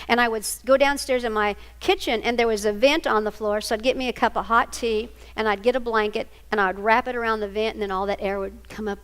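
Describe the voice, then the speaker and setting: A woman's voice: medium pitch, a bit bright, clear, resonant tone. An older woman giving a storytelling talk to single parents, homey and anecdotal, acting out family dialogue. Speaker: speaker at a single-parent ministry event.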